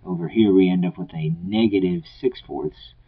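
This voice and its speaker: A man with a lowish, husky voice walks through algebra problems in a relaxed, step-by-step way. His phrase ends often trail off. The sound is dull and lo-fi, like a homemade screencast. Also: moderate pace. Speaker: math teacher. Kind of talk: recorded lesson working problems aloud.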